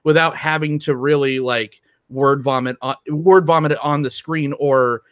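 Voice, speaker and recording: A man's voice: fairly high pitch, steady tone, normal speed, dry recording. A man co-hosting a podcast, talking about films in a rambling way with lots of restarts and ums. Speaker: podcast co-host. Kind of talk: casual film discussion.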